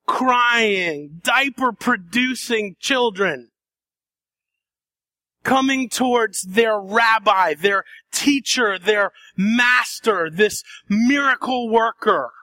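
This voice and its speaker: A man preaching a sermon, dramatic, acting out voices and shifting between soft and loud passages. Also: high-pitched, drawn-out words, no room sound. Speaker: pastor.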